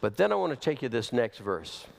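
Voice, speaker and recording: A man preaching a sermon as pastor, slow and emphatic, with big swings in pitch. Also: very animated, vocal fry. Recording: long hall reverb.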